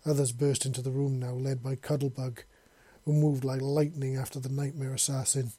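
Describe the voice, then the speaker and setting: Man, story narrator, steady low-key reading, mellow dark tone, dry close sound. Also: moderate pace, slightly rough, no echo. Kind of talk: audiobook reading of a fan story.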